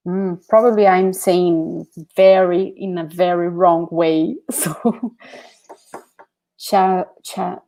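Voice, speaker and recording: A woman's voice: fairly low pitch, fairly even intonation, slow, warm tone. A Brazilian woman whose first language is Portuguese, teaching a live online language lesson with a Brazilian Portuguese accent, repeating words patiently for practice and reading viewer comments aloud.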